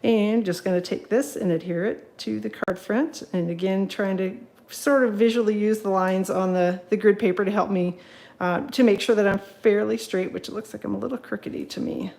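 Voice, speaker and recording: A woman's voice: mid-range voice, fairly even intonation, normal speed, gravelly, a little mellow, poor audio. A woman demonstrating card making in a live home tutorial, chatting casually with many fillers and greeting viewers as they join. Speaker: craft demonstrator. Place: craft room at home.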